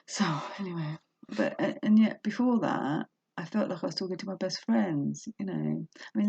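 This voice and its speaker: Sitting in a room at home, a woman with a medium-pitched, creaky, husky and dark voice vlogs while reading from a self-help book. She's open and emotional, laughing and muttering to herself between passages, and the laptop webcam mic makes it sound dull and lo-fi.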